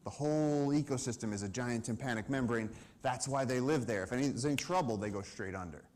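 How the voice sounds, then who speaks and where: A man telling an animated story at a live conservation event, acting out the lines of the people in it. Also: medium pitch, fast. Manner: lively storyteller, acts out dialogue and shouts. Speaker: conservation speaker.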